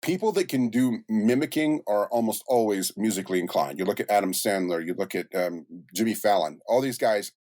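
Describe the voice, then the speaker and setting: Deep voiced middle-aged guy rambling thru an interview, dry close sound. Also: fairly quick, few pauses, dry recording. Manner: relaxed storyteller, many restarts and asides. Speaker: voice actor and music producer guest. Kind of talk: casual interview chat.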